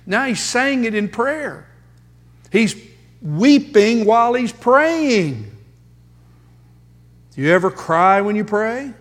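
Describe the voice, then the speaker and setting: A male pastor preaching a sermon, emphatic, with dramatic pauses and rhetorical questions, in a church sanctuary. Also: sits high, expressive. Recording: long hall reverb.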